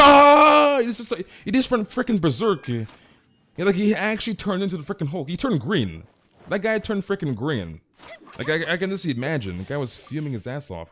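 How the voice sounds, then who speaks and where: A young man streaming a game live, chatting casually with viewers and telling animated, exaggerated stories. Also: medium pitch. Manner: casual, animated, reads chat aloud, exaggerates. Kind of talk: live stream chat while playing.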